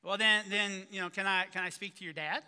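A man's voice: high voice, steady tone, fairly quick, sharp tone, clear, resonant tone, in a large hall. A man playing a polite, worried pastor who stammers and restarts his questions. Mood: puzzled.

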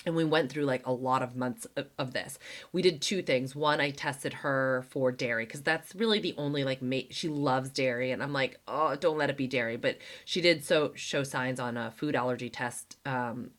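A woman's voice: extremely low pitch, normal speed, a bit bright. A woman hosting a podcast and chatting casually, with lots of "like" fillers and acted-out quotes as she tells stories. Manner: chatty, heavy use of "like", acts out quoted dialogue. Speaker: podcast host. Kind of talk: casual conversational storytelling.

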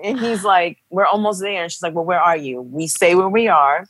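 A woman's voice: fairly low pitch, brisk, no echo. Dry-sounding young woman telling a story. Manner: animated, acts out quoted voices. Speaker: guest telling a birth story. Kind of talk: casual storytelling.

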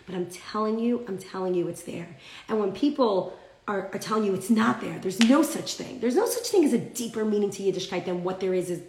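A woman teaches a live-streamed class, reading viewer comments and telling a story with animation as she acts out the characters' lines. Her voice is medium-pitched, the sound roomy, and the audio poor.

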